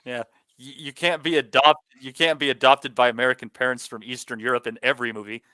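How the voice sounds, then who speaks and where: A man hosting a boxing podcast, wry and quick, swearing freely in casual banter. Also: medium pitch, little pitch movement, pushed and bright, no echo. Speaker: podcast host reading viewer questions.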